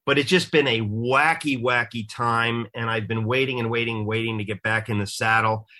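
A middle-aged man hosts a radio talk show, his voice bright and sharp-edged. He sounds congested, as if he has a cold. He rambles in a casual, jokey way and pokes fun at himself. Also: mid-range voice, fairly even intonation, normal speed. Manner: jokey, rambling, self-deprecating. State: stuffed up, congested.

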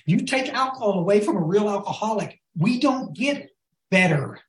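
This man's recovery talk is full of folksy stories, with "y'all" for his listeners and frequent checks that they follow along. He sits high in pitch and sounds expressive at a normal speed. The audio carries a roomy echo.

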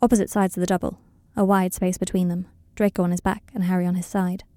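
A woman reading a story aloud in calm, even scripted narration, recorded close to the mic. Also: on the low side, fast, no echo. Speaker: audiobook reader.

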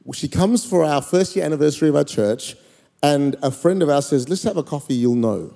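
A pastor in his thirties telling a personal story in a sermon, animated and comic, with sudden loud, excited peaks. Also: on the high side, brisk, creaky. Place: large church hall. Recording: long hall reverb.

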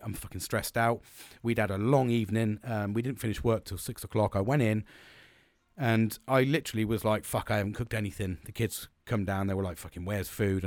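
A man's voice: mid-range voice, darkish tone, no room sound, clean studio sound. A man in his forties telling a candid personal story, blunt and sweary, rambling with restarts.

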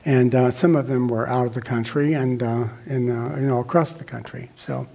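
A man's voice: mid-range voice, fairly even intonation, moderate pace, gravelly, mellow. An older man telling his recovery story to a group, rambling and reflective with many fillers and restarts. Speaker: recovery meeting speaker. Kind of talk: personal testimony to a group.

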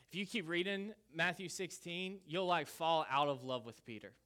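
A man preaching a sermon, casual and conversational, with an animated delivery. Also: fairly high pitch, moderate pace. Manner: lively, conversational preaching with Southern "y'all". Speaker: pastor.

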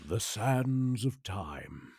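Man puts on a wizened epic narrator: low, drawn-out, grandiose; dry booth sound. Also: animated, gravelly, darkish tone, breathy edge, dry recording, exaggerated voice. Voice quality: slow, drawn-out dramatic delivery. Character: grand old male movie-trailer narrator, solemn.

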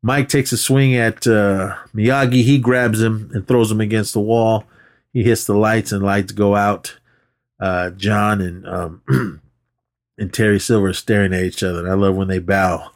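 A man's voice: fairly low pitch, fairly even intonation, measured pace. A man co-hosting a podcast, casually retelling a film scene by scene, swearing freely and acting out the quotes. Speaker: podcast co-host. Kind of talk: casual movie recap chat.

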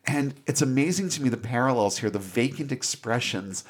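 A man giving a casual, animated movie recap as a podcast host, with free swearing. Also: mid-range voice, fairly quick, breathy edge. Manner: animated storyteller, swears freely.

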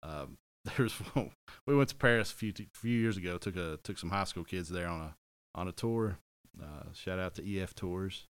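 On a podcast, this middle-aged man talks casually, wandering off topic, fixing his own words and making jokes. His low voice is clean at normal speed with hardly any pauses, and the recording is dry.

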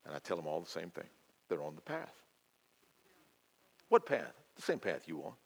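An older man preaching a sermon, swinging from loud, fervent declaiming to quiet, intimate asides. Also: low-pitched, big pitch swings, normal speed, vocal fry.

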